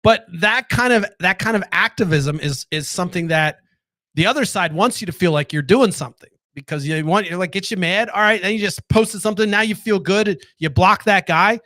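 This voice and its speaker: Guy with a highish voice ranting casually late at night, cursing, asking questions, dry close mic. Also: a little fast, bright, forceful tone, dry recording. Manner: candid, swearing, rhetorical questions. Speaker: podcast host.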